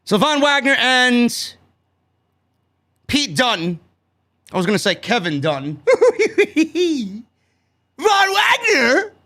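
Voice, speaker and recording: Loud, sarcastic New York man. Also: extremely high pitch, very animated, drawn-out words, pauses often. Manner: loud, sarcastic, swears a lot, shouts often. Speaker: wrestling show reviewer. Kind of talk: animated profane show review rant.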